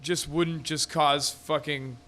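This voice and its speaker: A man's voice: on the high side, little pitch movement, takes it slowly, fairly bright tone. A man talking casually at a bar venue, rambling and swearing freely as he riffs. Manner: profane, rambling, riffing. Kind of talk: casual chat.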